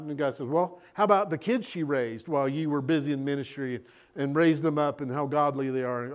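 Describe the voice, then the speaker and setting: Animated male pastor preaching. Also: on the high side, fast. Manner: animated preaching, acting out voices. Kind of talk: sermon.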